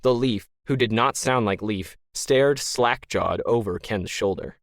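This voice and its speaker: A man narrating a science-fiction story in a wry, deadpan manner. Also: medium pitch, a little slow, no room sound, clean studio sound. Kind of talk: scripted narration.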